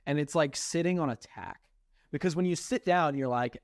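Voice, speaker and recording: Profane, animated young podcast host. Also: male voice, a little high, a little fast, no echo, clean studio sound. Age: young adult. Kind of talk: casual chat.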